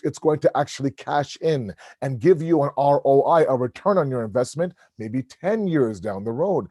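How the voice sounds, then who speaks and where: A man's voice: medium pitch, darkish tone, dry recording, clean studio sound. A middle-aged man giving a conversational sermon at a religious gathering, telling a family story and acting out the dialogue. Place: mosque hall.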